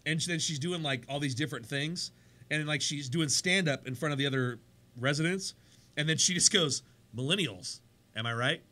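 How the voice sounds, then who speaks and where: A man hosting a sports radio show in a studio, chatty and energetic, his voice worn from days of talking. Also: fairly high pitch, brisk. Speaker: radio show host and pastor. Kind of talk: casual sports radio chat.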